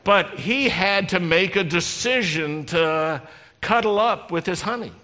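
Give me a man giving a sermon as a rabbi, bright and direct, with a long hall echo. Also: sits high, measured pace. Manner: conversational preaching, teasing the congregation, addresses listeners directly. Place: congregation hall. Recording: long reverb in a large hall.

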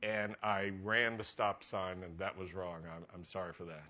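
A man's voice: low voice, fairly even intonation, normal speed, bright, forceful tone, highs cut off. A man preaching a humorous sermon as a rabbi, chatty and often laughing at his own jokes.

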